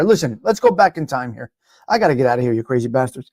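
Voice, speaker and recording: A man's voice: mid-range voice, sing-song, fast, darkish tone, dry recording. A man hosting a live stream, ranting bluntly and profanely to his viewers and repeating himself. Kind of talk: casual ranting chat with viewers.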